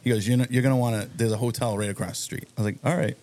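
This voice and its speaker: A man telling a long, animated story on a podcast, acting out the other people in it. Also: medium pitch, racing, gravelly. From Massachusetts. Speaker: guest storyteller. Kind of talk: casual anecdote on a podcast.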